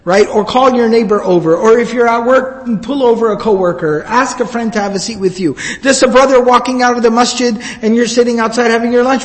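A man preaching a sermon, telling a story and reciting Arabic quickly before explaining it in English. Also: extremely high pitch, in a large hall. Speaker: Islamic preacher.

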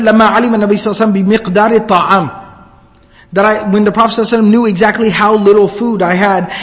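A man preaching a sermon, telling a story and reciting Arabic quickly before explaining it in English. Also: high-pitched, in a large hall. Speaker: Islamic preacher.

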